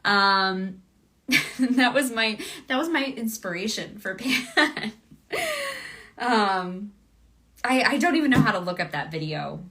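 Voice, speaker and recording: A woman's voice: mid-range voice, pushed and bright. A woman voice actress chatting casually with fans during a livestream autograph session, bubbly and gushing, and laughing often.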